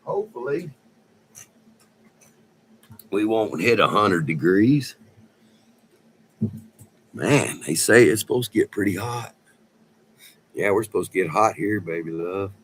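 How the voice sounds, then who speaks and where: Drawling man, low voice, swearing freely. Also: animated, husky, poor audio. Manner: loose and profane, drawn-out storytelling with lots of "man". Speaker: vlogger. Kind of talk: casual rambling chat.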